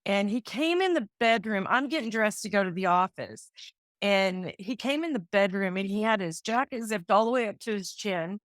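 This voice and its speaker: インタビューで自分の体験を心を込めて語る五十代の女性。会話の場面を再現しながら話し、声は中くらいの高さで、響きのないドライな録音。. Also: female voice, medium pitch, animated, moderate pace, no echo, clean studio sound. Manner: heartfelt, acts out remembered dialogue. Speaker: real estate agent, guest. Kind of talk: emotional personal storytelling in an interview.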